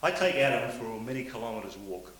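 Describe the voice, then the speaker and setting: Man, middle-aged, motivational sales speech, loud then hushed, roomy hall, tape hiss. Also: mid-range voice, lively intonation, a little fast. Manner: swings between loud preaching and quiet confiding storytelling. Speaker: motivational speaker at a sales meeting. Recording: hissy old cassette tape in a roomy hall.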